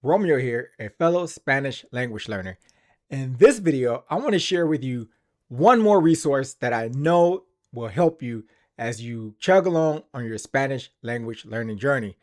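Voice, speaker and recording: A man's voice: mid-range voice, lively intonation, normal speed, a little mellow. A man hosting a language-learning channel, speaking earnestly and enthusiastically in a casual explanatory vlog.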